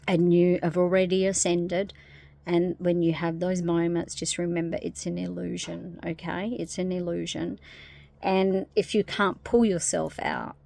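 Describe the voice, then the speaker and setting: Woman, spiritual vlog, casual talk to camera, rambling, soft, many fillers, gravelly voice, dry close sound. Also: on the low side, no room sound. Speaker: spiritual vlogger.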